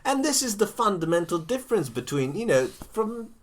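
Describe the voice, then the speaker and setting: A man's voice: high voice, very animated, normal speed. A male podcast co-host in casual chat, retelling a story animatedly with stumbling restarts.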